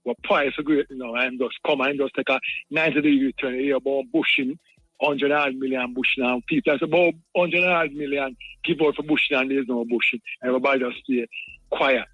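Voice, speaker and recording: A man's voice: mid-range voice, steady tone, fairly quick, no echo, lo-fi sound. A man with a Jamaican accent calling in to a radio talk show, rambling in patois and often repeating his words. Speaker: caller.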